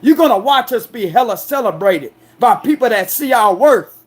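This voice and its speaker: Forceful, defiant man ranting. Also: very high-pitched, animated, normal speed. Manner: defiant, confrontational, repeats "you understand me"; loud, forceful, aggressive delivery. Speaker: astrology tarot reader. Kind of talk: angry ranting monologue.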